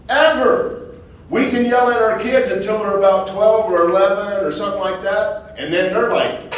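A man preaching informally to a small group, conversational, repeating phrases and asking rhetorical questions, building to loud emphatic bursts. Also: sits high, steady tone, normal speed. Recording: echoey room from far off, faint noise.

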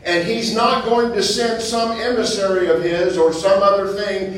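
A man preaching informally to a small group, conversational, repeating phrases and asking rhetorical questions, building to loud emphatic bursts. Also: high voice, normal speed, few pauses. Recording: echoey room from far off, faint noise.

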